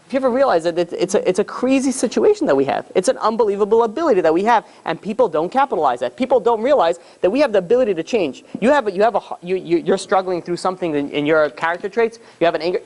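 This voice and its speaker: A man, a rabbi, giving an animated, emphatic sermon. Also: high voice, fast talker, hardly any pauses.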